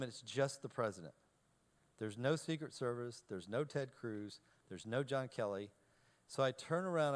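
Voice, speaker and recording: Animated man telling a funny story. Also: medium pitch. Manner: animated storyteller, self-deprecating, acts out dialogue. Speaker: keynote speaker. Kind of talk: humorous anecdote told to a live audience.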